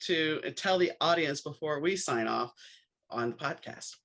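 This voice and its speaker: At a normal speed and low pitch, a woman from New Orleans hosts a laid-back storytelling podcast. She brings her tales to life by acting out conversations, sprinkling in wry asides.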